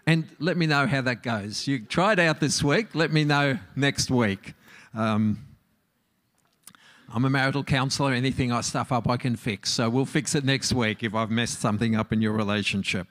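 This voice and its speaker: A middle-aged man, a marriage counsellor, giving a relaxed talk and asking his audience questions. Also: mid-range voice, moderate pace. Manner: conversational, asks the audience questions.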